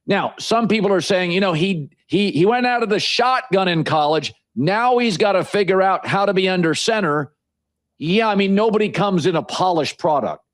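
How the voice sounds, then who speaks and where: A man with a notably high voice for a man gives sports commentary. He lays out his points one after another in a steady, measured way. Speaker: sports analyst.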